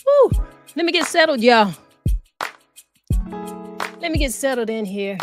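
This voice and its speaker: A woman's voice: on the high side, lively intonation, unhurried, over music. A tired woman co-hosting a live talk show, chatting casually and folksily with her viewers. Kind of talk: casual live-stream chat.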